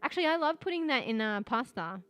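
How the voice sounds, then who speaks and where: A woman's voice: a little high, big pitch swings, fast talker. A woman streaming casually, reading chat and search results aloud, giggling often, swearing freely and repeating words as she tries out how to say them. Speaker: streamer chatting with viewers. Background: soft background music.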